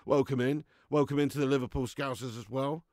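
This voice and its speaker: A man's voice: medium pitch, steady tone, brisk, darkish tone, no echo, studio quality. A young man hosting a live football watch-along, swinging between deflated muttering and swearing rants. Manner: swearing, ranting fan commentary. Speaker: fan watch-along host.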